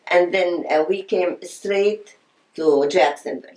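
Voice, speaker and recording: A woman's voice: fairly low pitch, takes it slowly, darkish tone. Older woman recalling her life, echoey room. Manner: reminiscing, storytelling with quoted voices. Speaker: interviewee. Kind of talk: oral history interview.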